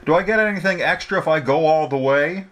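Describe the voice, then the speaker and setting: A man's voice: on the high side, fairly quick, a bit bright, voice pushed up, close to an everyday voice. A man reading a story, voicing a guarded, dry-humored young man driving a stranger. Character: young man, wary reluctant driver.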